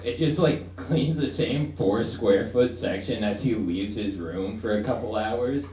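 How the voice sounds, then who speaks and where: A man's voice: on the low side, unhurried, mellow. A young man doing a stand-up set, rambling and hesitant, acting out voices. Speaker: stand-up comedian. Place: student comedy room with audience. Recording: echoey room, far from mic, faint noise.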